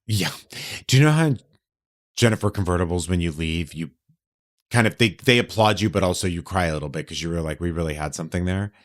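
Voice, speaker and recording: A man co-hosting a podcast, chatting casually and telling stories in an animated, theatrical way. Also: deep voice, brisk. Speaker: podcast co-host. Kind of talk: casual chat.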